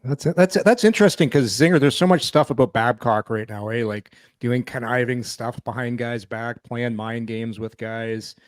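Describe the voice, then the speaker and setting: Easygoing co-host. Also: male voice, medium pitch, normal speed, few pauses, no echo, studio quality. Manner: easygoing, laughs along, prodding. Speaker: podcast co-host. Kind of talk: casual interview chat.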